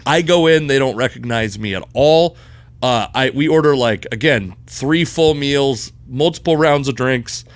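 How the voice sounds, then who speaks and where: A young man spins a bar story as a podcast co-host, swearing freely and turning loud and animated at the big moments. His voice sits in a middle register. The sound is dry and close, with no room in it. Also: medium pitch, unhurried, no echo. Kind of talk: casual chat, storytelling.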